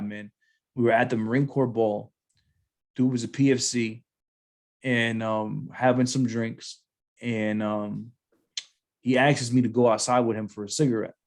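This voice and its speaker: A man's voice: mid-range voice, fairly even intonation, unhurried, a little mellow. A young adult man, a former Marine sergeant hosting a podcast, telling a personal story in casual slang and calling his co-host bro a lot.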